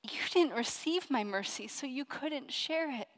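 A woman preacher voicing a merciful king from a parable, speaking softly and tenderly in a sermon. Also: high-pitched, animated, a little slow, in a large hall, rough recording. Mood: sorrowful tender.

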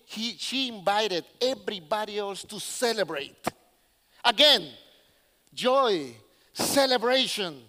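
Man preaching, very high voice, bright tone, long hall reverb, english. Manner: animated storyteller who acts out characters; non-native English with slips. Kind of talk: sermon.

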